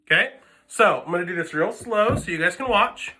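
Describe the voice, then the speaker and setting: Man, string teacher, bright voice, patient, counts beats aloud, violin playing behind. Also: high-pitched, lively intonation, a little fast, faint music behind. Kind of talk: music lesson.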